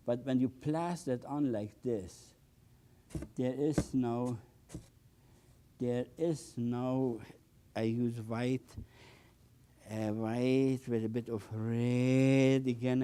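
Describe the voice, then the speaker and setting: An older man teaches painting in a mellow, warm voice, taking his time between phrases. He breaks into delighted exclamations and stumbles over his words as he works the paint. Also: mid-range voice. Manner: enthusiastic, exclaims often, repeats words, non-native phrasing. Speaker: painting instructor. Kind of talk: painting demonstration.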